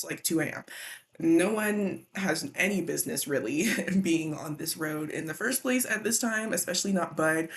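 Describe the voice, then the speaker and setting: A woman casually recapping a children's book, animated and slangy. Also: sits low. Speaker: book vlogger.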